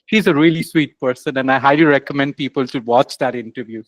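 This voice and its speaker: A man's voice: medium pitch, quick pace, no echo. A man hosting an interview. He asks his questions hesitantly and uses many filler words. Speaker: interviewer, host. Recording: dull, lo-fi, dry audio.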